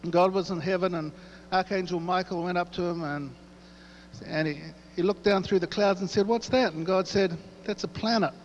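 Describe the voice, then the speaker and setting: A man's voice: sits high, fairly even intonation, normal speed. Dry-humored New man. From New Zealand. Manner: dry, joking storyteller. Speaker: after-dinner speaker. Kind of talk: humorous after-dinner speech. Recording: echoey hall, dull sound, faint hum.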